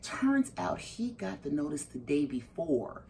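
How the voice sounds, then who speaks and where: A woman's voice: unhurried, gravelly. A middle-aged woman, the mother of a parolee, telling her story in an interview and acting out her own reactions with big leaps in her voice. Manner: animated, acts out her own reactions with big jumps in pitch.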